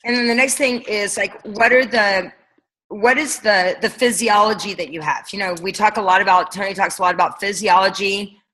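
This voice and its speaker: A woman's voice: mid-range voice, steady tone, normal speed, fairly bright tone, poor audio. A woman coaching her team on a leadership call, talking casually and energetically, firing off rhetorical questions. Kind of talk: motivational coaching talk.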